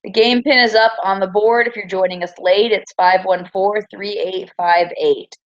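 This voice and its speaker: A woman teacher running a classroom quiz review, upbeat and teasing, reading each answer choice slowly and clearly. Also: mid-range voice, fairly even intonation, muffled recording.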